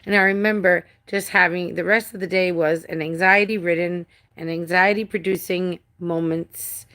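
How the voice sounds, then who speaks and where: A woman's voice: on the low side, fairly even intonation, normal speed, fairly bright tone. A middle-aged woman hosting a casual live stream from home, rambling, restarting sentences and swearing now and then. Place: home with a cat.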